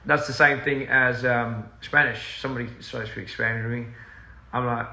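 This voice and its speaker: A man's voice: medium pitch, flat delivery, brisk, gravelly, bright, forceful tone. A young man chatting casually on a livestream from his house, rambling, easily sidetracked and laughing often. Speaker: musician streaming live to fans. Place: house, indoors. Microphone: phone. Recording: echoey room, faint ambient noise.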